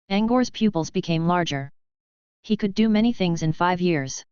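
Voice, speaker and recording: Very clear, low-voiced woman narrating. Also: lively intonation, normal speed, darkish tone, no room sound, lo-fi sound. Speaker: audiobook narrator. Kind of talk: scripted narration.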